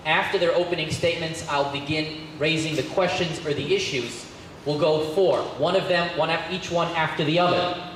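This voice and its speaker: Rabbi moderator in a very echoey hall. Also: male voice, fairly high pitch, normal speed, fairly bright tone. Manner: genial, repeats phrases, occasional restarts. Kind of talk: public address, opening remarks. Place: synagogue hall. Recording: very echoey hall with faint noise.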